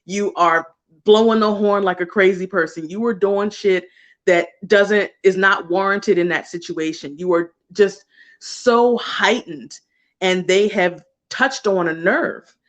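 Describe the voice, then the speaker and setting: A woman's voice: medium pitch, a little slow, dull audio. A woman card reader chats through a livestream reading in a loose, conversational way. She laughs easily and mixes slang and casual swearing into her guidance.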